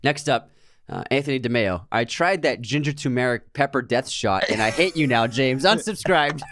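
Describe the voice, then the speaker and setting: A man's voice: medium pitch, moderate pace, fairly bright tone. A man co-hosting a podcast, chatting casually and reading listener comments aloud with frequent laughs. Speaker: podcast co-host. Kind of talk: casual chat.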